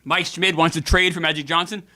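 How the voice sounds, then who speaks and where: A man's voice: fairly high pitch, steady tone, fairly quick, pushed and bright, dry recording. A man hosting a casual video game playthrough, joking with viewers and cursing freely as he comments on the game. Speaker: gaming show host.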